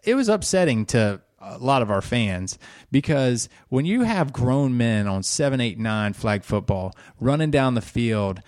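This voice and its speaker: A man who coaches youth flag football, chatting casually as co-host in an earnest, halting way. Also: medium pitch, expressive, darkish tone, no echo, clean studio sound. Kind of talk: casual chat.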